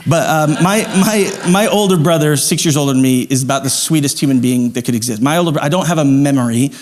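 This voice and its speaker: A man in his thirties, a pastor from Idaho, telling a personal story in a sermon, lively at first and then dropping to a soft, slow hush. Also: on the high side.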